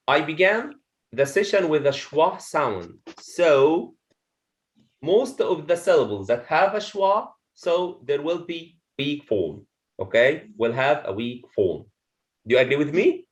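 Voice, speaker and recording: A man teaching a pronunciation lesson to a classroom of students, explaining slowly, repeating each point and checking in with "okay?". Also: on the high side. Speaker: English teacher.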